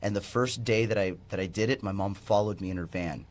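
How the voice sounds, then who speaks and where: A man with a lowish voice chats as a podcast guest, telling stories with enthusiasm and some self-deprecating humor. His delivery is casual and loose, with quick asides. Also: slight background noise. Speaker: guest, musician. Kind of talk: casual interview chat.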